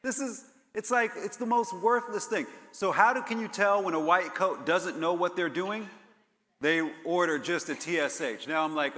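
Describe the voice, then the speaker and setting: Energetic man with bright voice. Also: sits high, in a large hall. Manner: energetic, rallies the audience, quick to laugh. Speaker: panel moderator. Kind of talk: live conference panel talk. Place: conference stage.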